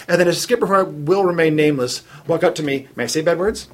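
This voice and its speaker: A man's voice: on the high side, fast talker. A man casually telling stories as a podcast guest, acting out the voices of the people in them. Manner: animated storyteller, acts out quoted voices. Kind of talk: casual storytelling chat.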